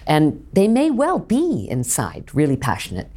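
A woman who is a voice coach, explaining her work in an interview in a measured, teacherly way. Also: rumbling low, sing-song, mellow. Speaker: voice coach guest.

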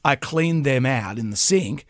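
A middle-aged man, hosting a radio show and telling stories in a lively, mock-indignant way. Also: medium pitch, unhurried, dry recording, studio quality. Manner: animated storyteller, mock-indignant. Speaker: radio host. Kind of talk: casual radio chat. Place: radio studio. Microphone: studio microphone.

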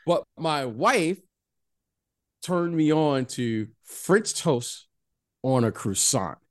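A man co-hosting a podcast, his voice sitting a bit high and swinging widely in pitch. He talks in a loose, excited way, circling back over his own phrases and calling out to his co-host. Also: extremely slow. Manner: animated, repeats himself, keeps addressing his co-host. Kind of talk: casual chat.

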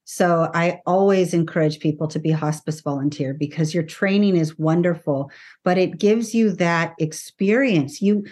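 Calm woman hospice nurse giving advice. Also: fairly low pitch, moderate pace. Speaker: hospice nurse and end-of-life doula. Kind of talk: advice in an interview.

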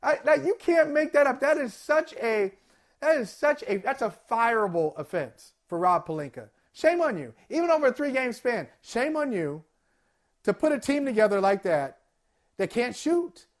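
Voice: mid-range voice, expressive, normal speed. A co-host in a casual sports debate, emphatic and incredulous, scolding in a mocking way.

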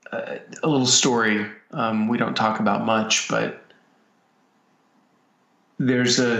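A man, a filmmaker, reflecting in a personal way, talking haltingly with frequent pauses and restarts. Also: mid-range voice, gravelly, fairly bright tone. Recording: roomy, dull lo-fi sound.

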